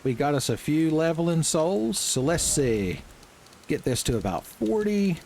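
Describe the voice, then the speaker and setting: A young man giving casual, joking let's-play commentary, with swearing and animated asides. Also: on the high side, a little hiss or hum. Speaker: gaming channel host.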